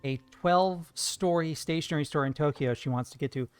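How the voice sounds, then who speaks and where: Male art streamer, slightly higher voice, playful and jokey, casual live chat over faint music. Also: brisk, clean tone. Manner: playful, jokey, chatty with viewers.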